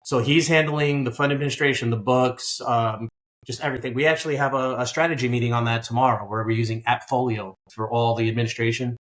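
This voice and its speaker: A business buyer from Queens, New York, appears as a guest in a conversational interview. His mid-range voice moves a little fast as he tells lively stories, acting out the lines people said.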